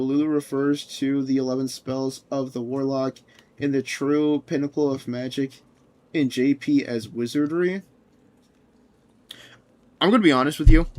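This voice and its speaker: High-voiced young man ranting on stream. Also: fairly bright tone. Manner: ranting, laughing often, swearing freely; answers chat messages. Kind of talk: casual livestream chat.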